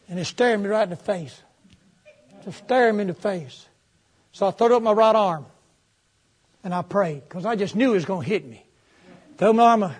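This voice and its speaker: Husky folksy preacher. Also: male voice, sits high. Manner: folksy, animated storytelling with humor. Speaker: pastor. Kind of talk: storytelling sermon.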